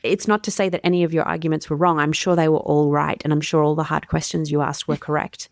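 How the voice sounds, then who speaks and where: Low, gravelly Australian woman explaining. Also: flat delivery, fast talker, no room sound, clean studio sound. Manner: articulate, warm, explanatory with everyday fillers. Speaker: communications coach, guest. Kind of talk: conversational podcast interview.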